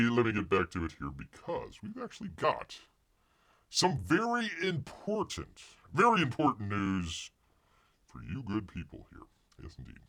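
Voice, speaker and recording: A man's voice: mid-range voice, a bit bright. A man hosting a casual live stream who talks about himself in the third person and halts often with restarts. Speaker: live show host.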